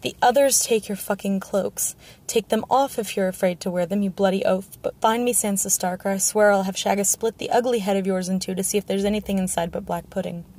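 A woman reading the part of a bitter, sharp-tongued male dwarf lord, scornful and commanding. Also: mid-range voice, steady tone, brisk, close to an everyday voice. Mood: contemptuous. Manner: scornful, shouting.

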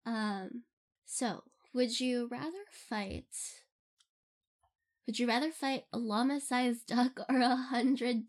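A woman's voice: on the high side, creaky. A young woman answering fan questions in a casual, rambling way, giggling often and using lots of fillers. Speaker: audio role-play creator answering fan questions. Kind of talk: casual Q&A chat.

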